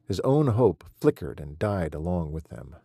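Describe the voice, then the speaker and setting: A man reads an audiobook in a measured, steady way. His voice is low, dark and a little husky, and the close-miked recording is dry and intimate. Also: no echo. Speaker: audiobook narrator. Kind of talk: scripted audiobook narration.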